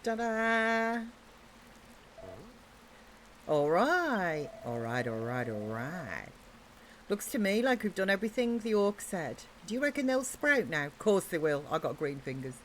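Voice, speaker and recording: A woman's voice: medium pitch, sing-song, measured pace, slight background noise. An English woman with an English accent chatting casually and giggling as she livestreams a video game. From England. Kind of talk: casual let's-play chat.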